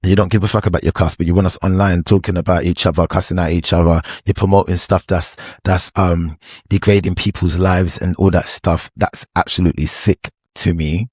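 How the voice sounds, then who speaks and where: Young man, very deep voice, dry close sound, lively storytelling full of slang. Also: brisk, husky, no room sound. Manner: animated, slangy storytelling with swearing and repeats. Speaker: former reality show cast member. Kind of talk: storytime vlog.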